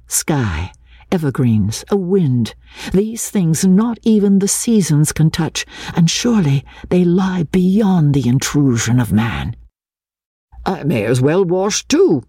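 A woman reading a classic novel aloud with expressive, lilting narration. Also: lowish voice, creaky, breathy edge, no room sound, studio quality. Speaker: audiobook reader.

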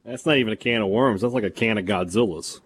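A man co-hosting a sports talk show who cuts in with quick joking remarks. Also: on the low side, breathy edge, no room sound. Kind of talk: casual on-air banter.

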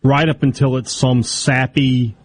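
A man's voice: medium pitch, little pitch movement, measured pace, soft background music. A man co-hosting a sports talk radio show, telling wry stories in casual banter.

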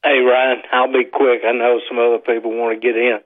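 A male caller gives his pick in a brisk, even voice. His voice stays flat. The line sounds dull and lo-fi. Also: mid-range voice. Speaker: radio caller. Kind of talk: phoned-in chat.

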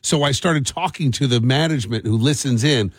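A man with a New Jersey accent hosting morning radio, telling a story in an animated, exasperated way. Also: mid-range voice, a little fast, breathy edge, no echo, studio quality. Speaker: radio show host.

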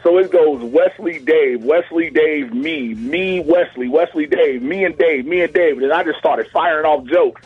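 A man phoning into a radio talk show, his fairly high voice coming through a dull, muffled line. He tells a story with gusto, jumping into squealing, excited voices as he quotes himself. His voice has a husky edge. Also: a little slow, hardly any pauses, faint music behind. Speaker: guest, actor and pro wrestler. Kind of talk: casual radio interview storytelling.

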